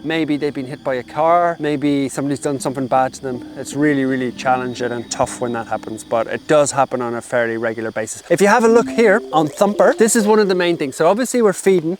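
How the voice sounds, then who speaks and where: Chatty man feeding street dogs outdoors. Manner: chatty, talks to the dogs in a high excited baby voice. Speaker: dog rescue volunteer feeding street dogs. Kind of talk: casual vlog narration to camera. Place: outdoors by a jungle road. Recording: music playing underneath.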